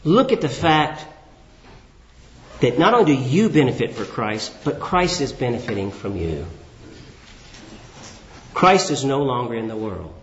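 A man preaching a sermon who asks the congregation questions and answers them himself, swinging between raised, emphatic phrases and low, drawn-out words. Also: big pitch swings, slight background noise. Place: church hall. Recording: echoey, dull church hall recording.

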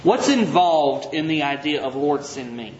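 A man preaching a sermon to his congregation, reading scripture aloud with emphatic, drawn-out phrases and putting direct questions to the listeners. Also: fairly high pitch, lively intonation, echoey room, muffled recording, noisy background. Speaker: pastor. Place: church sanctuary.

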